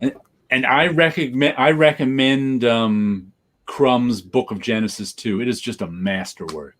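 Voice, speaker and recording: A man co-hosts a podcast in an unhurried, medium-pitched voice, rambling casually about comics. He often repeats phrases just to hear how they sound.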